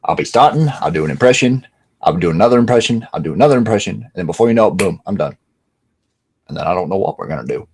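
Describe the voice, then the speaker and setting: A man using a much deeper put-on voice and accent for a mock-serious channel announcement. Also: lively intonation, fast, a little mellow, husky, heavily acted. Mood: theatrical. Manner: low, dramatic announcing.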